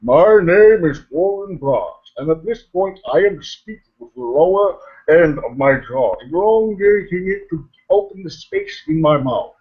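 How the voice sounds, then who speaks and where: A man voicing a stately, drawling man with his jaw pushed forward, speaking slowly and with elongated vowels, over muffled video call audio. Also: high voice, lively intonation, breathy edge, pitched above the performer's own voice, full character voice. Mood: pompous. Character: stately, long-jawed, drawling man named Warren Brass.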